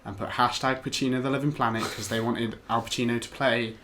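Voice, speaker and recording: A man's voice: medium pitch, steady tone, a little fast, sharp tone, a little hiss or hum. A man co-hosting a podcast, joking in offhand banter full of fillers and restarts. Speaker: podcast co-host. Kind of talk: casual chat.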